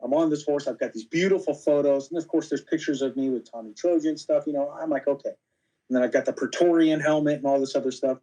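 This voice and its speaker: On a rough recording, a fast-talking man with a fairly high voice appears as a podcast guest. In this casual storytelling interview he animatedly acts out what others said, leaning heavily on "you know."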